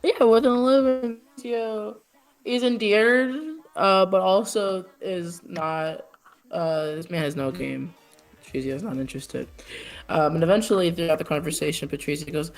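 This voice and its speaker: A woman's voice: fairly low pitch, steady tone, moderate pace, faint music behind. A woman narrating as game master for a tabletop game, hesitant with many fillers.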